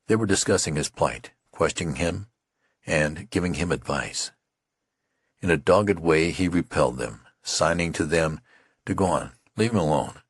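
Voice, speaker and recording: A man narrates an audiobook in a measured, deliberate reading. His voice is extremely deep and husky, and the recording is dry and close, with no room sound. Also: expressive, no room sound.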